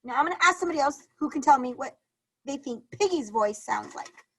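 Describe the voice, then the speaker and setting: A woman's voice: high-pitched, expressive, a little fast, heavy background noise. A woman teacher on a video call, leading a reading lesson for young children, encouraging and repeating questions to the class.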